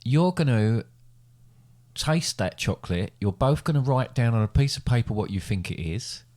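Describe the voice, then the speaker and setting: A man's voice: medium pitch, animated, moderate pace, a little mellow. A middle-aged man hosting a casual family podcast, running a quiz with playful game-show build-up. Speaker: podcast host, quiz master.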